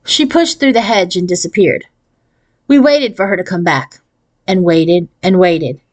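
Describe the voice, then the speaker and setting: A woman reading a children's chapter book aloud in a steady narrating voice. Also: on the low side, a little slow, dry recording. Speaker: storyteller.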